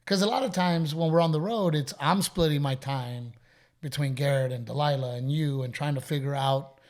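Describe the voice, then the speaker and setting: A man's voice: a little high, moderate pace, a little mellow. A Texan man hosting a podcast, chatting casually and telling stories with quoted dialogue and frequent laughs. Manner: storytelling, quotes others, laughs often. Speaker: podcast host. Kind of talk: casual chat.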